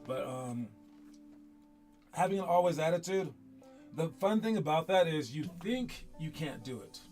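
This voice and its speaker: A young man coaching youth basketball, speaking in a slightly high voice and giving an emphatic, rambling pep talk full of restarts. Faint music plays behind him. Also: lively intonation, unhurried, darkish tone. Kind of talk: motivational talk to young players.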